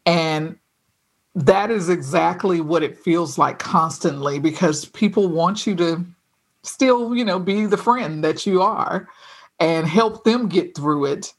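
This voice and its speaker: A woman with a husky, breathy voice talks as a podcast guest. She tells her story earnestly and conversationally, often restarting her sentences midway. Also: on the low side, measured pace.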